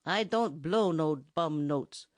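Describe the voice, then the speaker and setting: For an audiobook, a low-voiced woman gives an animated, slow reading as a sarcastic, stubborn German band member with a thick accent and broken English. There's no room sound in the dry recording.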